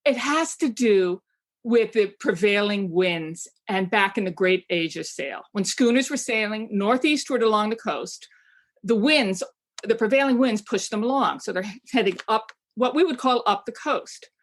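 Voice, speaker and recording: A woman from Maine talks as a travel guidebook writer in a relaxed interview. Her speech is enthusiastic and chatty, full of small fillers and restarts. Her voice sits at an ordinary middle pitch. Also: moderate pace. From Maine, USA. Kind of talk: casual interview chat.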